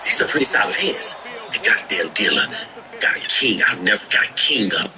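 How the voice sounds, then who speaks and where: A man with a lowish voice that swings widely as he tells a comic story and acts out the other people in it. He sounds profane and animated. A loud crowd can be heard behind him. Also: a little fast, low-quality recording. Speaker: interview guest. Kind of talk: comedic storytelling.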